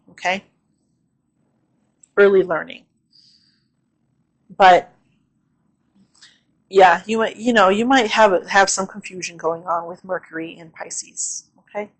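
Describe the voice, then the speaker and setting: A woman with a somewhat low voice talks through an astrology forecast in a loose, chatty way. She leans on fillers and keeps checking in with her listeners. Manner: chatty, many fillers and "okay?" check-ins; repeats gentle safety warnings. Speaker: astrology reader.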